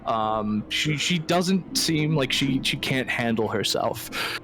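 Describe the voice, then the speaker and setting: A man's voice: mid-range voice, animated, takes it slowly, music in the background. A man narrating as dungeon master in a tabletop role-playing game, casual and full of fillers.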